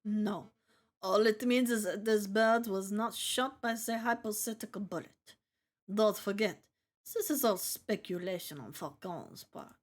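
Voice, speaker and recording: A woman reading as a slow, imperious noblewoman. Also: mid-range voice, lightly acted. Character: stern commanding noblewoman judge. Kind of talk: reading a game aloud with voices.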